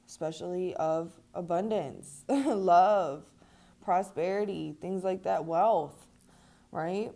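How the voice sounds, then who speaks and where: A young woman talks her viewers through a card reading in a loose, chatty way, laughing often and dropping casual swears. Her voice sits a little low and sounds mellow and warm rather than bright. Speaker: tarot reader.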